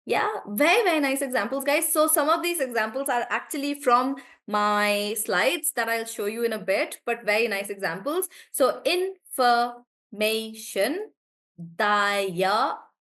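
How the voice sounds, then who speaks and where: A woman teaching a live online English class, warmly praising students and slowly drawing out words as she models how they sound. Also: fairly high pitch. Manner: encouraging, drawn-out words when modelling pronunciation.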